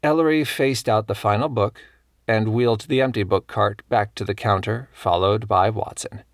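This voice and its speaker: A man with a low, gravelly voice reads fiction in a measured, steady storytelling manner. The sound is dry and close to the mic, with no room around it. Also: dry recording. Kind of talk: scripted audiobook narration.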